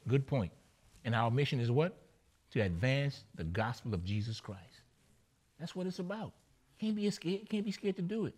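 A man preaching to his congregation in an ordinary middle-pitched voice. He drives his points home by repeating short phrases. He keeps turning to the listeners for agreement. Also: big pitch swings, moderate pace, darkish tone, husky. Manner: emphatic, repeats phrases and asks the listeners "right?". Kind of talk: sermon.

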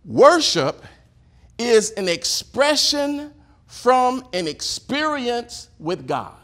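Animated high-voiced male preacher. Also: drawn-out words. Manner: animated, call-and-response preaching, shouting at peaks. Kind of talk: sermon.

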